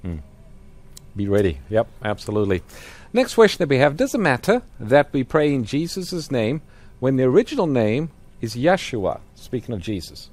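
A man's voice: mid-range voice, very animated, normal speed, darkish tone, dry recording. A man co-hosting a Bible question show, reading listener questions and adding scripture. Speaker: co-host. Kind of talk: Bible question and answer talk.

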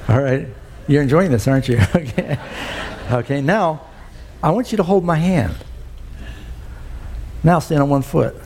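A man preaches to his congregation, working through scripture and turning to the room with "Amen?". His voice sits a little high but sounds warm and mellow. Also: measured pace, long pauses, slight background noise. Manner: preaching with many scripture quotes, asks the crowd "Amen?". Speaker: pastor. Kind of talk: sermon. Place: church with congregation.

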